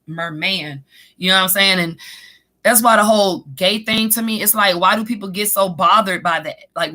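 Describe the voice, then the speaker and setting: A woman's voice: medium pitch, pushed and bright. A young woman hosting a live stream, chatting casually with viewers in a rambling, profane way and laughing often. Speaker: live stream host and tarot reader. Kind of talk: casual live stream chat reading comments.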